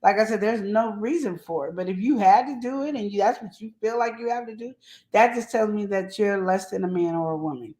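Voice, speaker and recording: A woman's voice: medium pitch, fairly quick. A woman co-hosting a casual relationship-advice podcast, talking bluntly and firmly about respect. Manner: outspoken, animated, goes off in a heated rant. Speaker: co-host. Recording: roomy echo.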